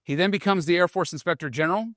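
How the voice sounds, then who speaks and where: A man with a slightly higher voice tells a military leader's story in a lively, conversational way, often checking in with "okay?" and "right?". The sound is close and dry, with no room echo at all. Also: fast talker. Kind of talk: storytelling talk with read-out quotes.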